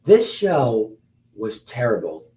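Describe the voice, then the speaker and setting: A man co-hosting a casual wrestling recap, blunt and ranting, quick to call things terrible. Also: medium pitch, huge pitch swings, dark tone, slight background noise. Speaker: podcast co-host.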